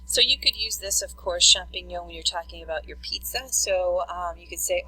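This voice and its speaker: Husky-voiced woman teaching a class. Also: fairly low pitch, pushed and bright, rough recording. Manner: explanatory, repeats terms slowly for note-taking. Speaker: French teacher. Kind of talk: classroom vocabulary lesson.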